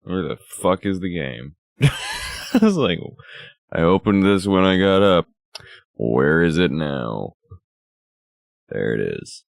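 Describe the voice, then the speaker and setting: A man's voice: low-pitched, expressive, slow pace, vocal fry, long pauses, no room sound, studio quality. A male streamer with a groggy morning voice, chatting casually and rambling as he sets up a game, swearing now and then. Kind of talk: casual gaming livestream chatter.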